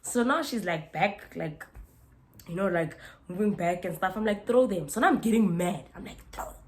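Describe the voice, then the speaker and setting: A young woman from Africa, speaking in a fairly low voice. She tells a casual storytime, animated and chatty, re-enacting the back-and-forth with her own punchy delivery. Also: normal speed. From South Africa. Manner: animated, re-enacts exchanges, keeps asking "you understand?". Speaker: YouTuber.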